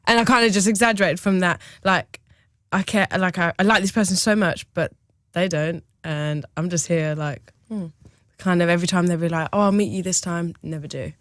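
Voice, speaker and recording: A woman singer in an interview clip, answering softly and hesitantly with many "like" fillers. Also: on the low side, steady tone, moderate pace, no echo, clean studio sound.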